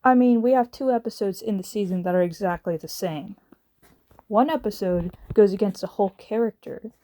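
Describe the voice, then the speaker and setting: A woman's voice: mid-range voice, normal speed, warm tone, no echo. A woman delivering a casual, exasperated rant as a video reviewer, sarcastic and swearing now and then. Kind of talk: casual ranting commentary.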